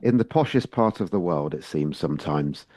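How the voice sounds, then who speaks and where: A man's voice: a bass voice, expressive, moderate pace, a little mellow, no echo. A man from England hosting a radio interview, friendly and chatty. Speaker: radio show host.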